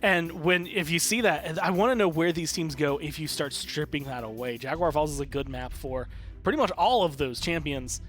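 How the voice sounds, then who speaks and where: A male esports co-caster with a somewhat high voice walks through the stats in a measured, analytical way. He drops in dry asides now and then. Soft music plays behind him. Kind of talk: live esports commentary.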